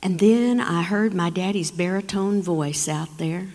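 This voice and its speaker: A woman from Texas telling a story on stage, dramatic and slowing for emphasis. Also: lowish voice, a little mellow. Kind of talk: live storytelling performance. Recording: long reverb of a performance hall.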